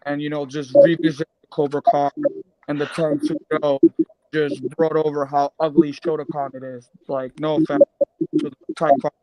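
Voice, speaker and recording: A man's voice: a little high, little pitch movement, normal speed, mellow, no echo, poor audio. A man with a slightly raised voice stumbles over his words and turns playfully dramatic. The recording is close and dry. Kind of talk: casual podcast chat.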